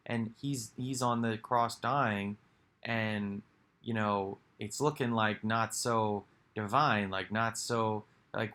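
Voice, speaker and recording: A man's voice: on the low side, steady tone, unhurried, bright, forceful tone. A man giving a rambling, reflective monologue for his video, musing aloud with sighs and restarts. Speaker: video creator.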